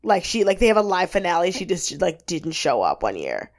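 A woman co-hosting a casual podcast, talking in an animated, chatty way. Her pitch swings widely as she talks. She fills her sentences with lots of fillers. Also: brisk. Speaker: podcast co-host. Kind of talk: casual recap chat.

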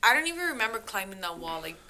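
A young woman telling a party story in a casual chat, animated, profane and quick to laugh. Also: medium pitch, a crowd in the background.

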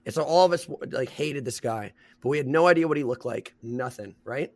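A man's voice: medium pitch, fairly quick. A young man hosting a podcast, telling a story in casual chat, rambling and full of slang, laughing often. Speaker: podcast host.

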